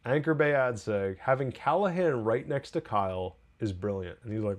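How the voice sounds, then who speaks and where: A man at an ordinary middle pitch hosts a TV podcast, reviewing an episode in a loose, casual way. He talks with eager excitement and rambles, often restarting his sentences as he goes. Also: moderate pace, few pauses.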